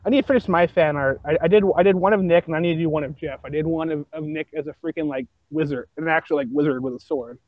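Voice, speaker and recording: Higher voiced podcast guy, stammery and jokey, dry dull sound. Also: quick pace, hardly any pauses, no room sound. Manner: stammering, joking. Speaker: podcast co-host. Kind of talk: casual chat.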